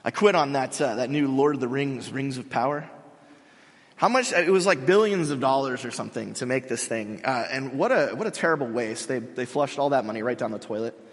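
A man's voice: mid-range voice, expressive, brisk. A male pastor giving a sermon in a casual, joking, conversational way. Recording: long hall reverb.

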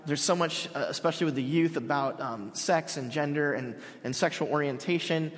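An earnest young male pastor preaches with a slightly high voice. He talks in halting bursts and restarts his phrases often. His voice rings with a long reverb from a large church hall. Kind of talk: sermon.

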